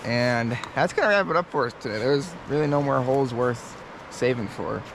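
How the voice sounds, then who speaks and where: A man's voice: medium pitch, moderate pace, noisy background. A man hosting a casual fishing vlog outdoors by a winter river, talking plainly and matter-of-factly to his viewers. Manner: relaxed, matter-of-fact, signs off to viewers. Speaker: fishing channel host.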